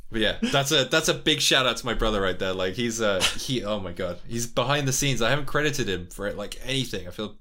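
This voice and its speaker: A man's voice: fairly low pitch, expressive, quick pace, hardly any pauses, bright, forceful tone. A young man in a casual interview, rambling, laughing often and swearing freely. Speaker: YouTuber guest.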